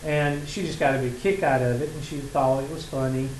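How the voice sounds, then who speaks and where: Speaking briskly in a steady, darkish, medium-pitched voice, a Southern US man runs an informal college math lecture full of jokes and sarcastic stories. The room echoes and carries a faint background hum.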